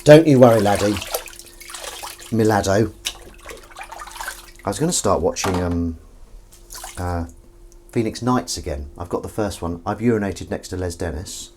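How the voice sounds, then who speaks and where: A man's voice: low-pitched, moderate pace, long pauses, noisy background. A man hosting a live stream, chatting casually and jokingly with viewers in a rambling, self-deprecating way. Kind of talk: casual chat reading viewer comments.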